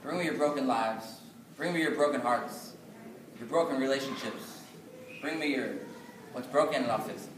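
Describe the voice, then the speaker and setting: A man voicing a cheerful poor handyman who proudly shouts and sings his calls. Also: medium pitch, moderate pace, pauses often, close to an everyday voice. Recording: echoey hall from far off, noisy.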